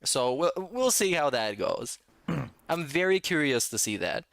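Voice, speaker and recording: A man's voice: a little high, very animated, a little slow, a bit bright, dry recording. A man hosting a casual reaction commentary, talking in a sarcastic, mocking way. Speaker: commentary channel host.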